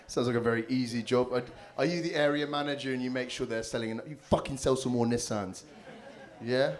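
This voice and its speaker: A man's voice: medium pitch, a little fast. A man hosting a live comedy show on a handheld mic, teasing the crowd with crude, cheeky banter. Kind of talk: live stand-up crowd work. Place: live comedy venue with audience. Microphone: handheld stage mic.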